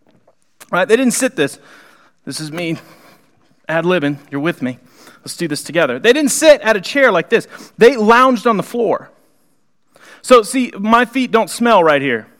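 A man preaching a conversational sermon in a church, animated and acting out the people in the story. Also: sits high, moderate pace, pauses often. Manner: animated, conversational, acts out the characters. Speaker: pastor. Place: church sanctuary.

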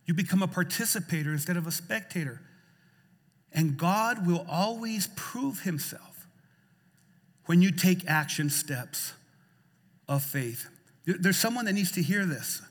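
A man's voice: high-pitched, animated, a little slow, pauses often. Impassioned preacher man in a reverberant hall. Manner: impassioned preaching, repeats phrases, swings loud and soft. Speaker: pastor. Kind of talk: sermon. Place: church sanctuary.

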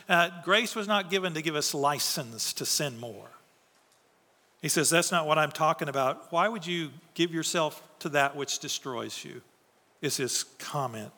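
A man's voice: on the high side, pushed and bright, long reverb tail. A man preaching a sermon as pastor, earnest and emphatic, often asking rhetorical questions and answering them.

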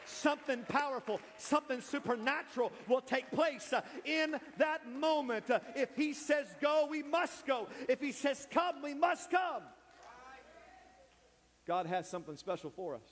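A man preaching an impassioned sermon in church, building to shouts, and calling people forward. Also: extremely high pitch, animated, unhurried, big-room sound. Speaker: pastor. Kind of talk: sermon with altar call. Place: church sanctuary.

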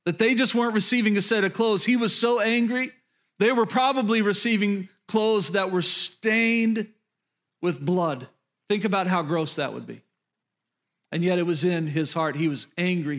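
High-voiced man preaching a lively sermon. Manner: animated storytelling, addresses congregation directly. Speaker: pastor. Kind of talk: sermon retelling a Bible story.

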